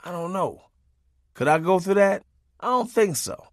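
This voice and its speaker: A man's voice: sits high, expressive, moderate pace, no room sound, studio quality. A man narrating a comic memoir in a loose, profane, conversational way, laughing as he goes. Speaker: audiobook narrator.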